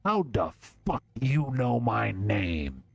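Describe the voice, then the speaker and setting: A man voicing a cold, threatening male gunman in a game, speaking slowly. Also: sing-song, gravelly, no echo, lo-fi sound, full character voice. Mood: menacing. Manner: slow, low, threatening.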